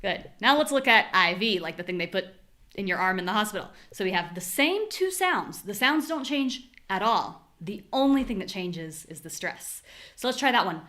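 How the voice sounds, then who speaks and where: An American woman teaching a live online pronunciation class, modeling words with clear, exaggerated stress. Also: medium pitch, animated, moderate pace, sharp tone.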